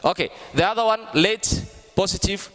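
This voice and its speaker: Male teacher, higher pitch, patient and repetitive, long reverb. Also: fairly bright tone. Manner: explains slowly, repeats and restarts often. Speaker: English teacher. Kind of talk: online grammar lesson.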